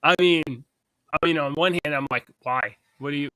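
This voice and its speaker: A man hosting a casual podcast chat, his voice slightly high and bright. He rambles from one point to the next and laughs between them. The sound is close and dry. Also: normal speed, clean tone, no echo. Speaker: podcast co-host.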